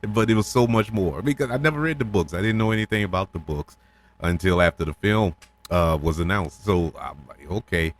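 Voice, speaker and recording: A middle-aged man with a somewhat low voice talks through a film review on his podcast. He is eager and heartfelt, says things twice for emphasis, and laughs between thoughts. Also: a little fast. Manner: enthusiastic, repeats himself, animated with laughs. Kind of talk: casual spoken film review.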